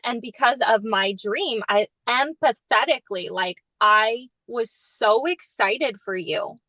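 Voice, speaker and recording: A woman with a fairly high voice chats on a podcast, spinning her story animatedly and sprinkling in "like" constantly. The sound is dry and close, with no room around her. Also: slow pace, dry recording, low-quality recording. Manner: animated storyteller, heavy use of "like", jumps high when quoting others. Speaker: podcast co-host. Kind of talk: casual podcast chat.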